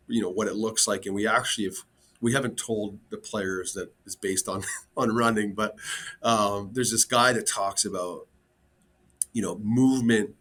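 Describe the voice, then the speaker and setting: Earnest low-voiced man, hockey coach guest. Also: fairly bright tone. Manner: earnest, open, many fillers. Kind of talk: casual interview.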